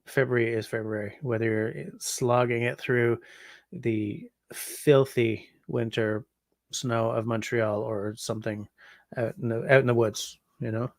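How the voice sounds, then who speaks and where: A man from Canada in his forties hosts a casual livestream, tired and rambling, reading chat with plenty of ums. His mid-pitched voice has a gravelly grain. The sound is dry and close, with no room echo. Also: steady tone, measured pace. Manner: rambling, chatty, yawning, frequent ums.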